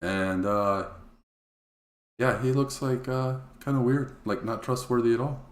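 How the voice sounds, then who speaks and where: A man's voice: medium pitch, unhurried. A man co-hosting a casual show, making hesitant, offhand remarks. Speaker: show co-host. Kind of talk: casual podcast chat. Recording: roomy echo.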